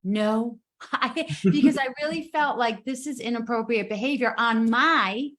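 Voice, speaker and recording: A woman guest speaker telling a story in a casual live video chat, animated and emphatic, with quick asides. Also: on the high side.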